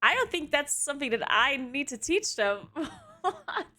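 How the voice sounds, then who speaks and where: Bright-voiced woman chatting slowly. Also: on the high side. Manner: talks to pets in a soft cooing voice, laughs often. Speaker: streamer. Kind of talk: casual chat with stream chat and her cats.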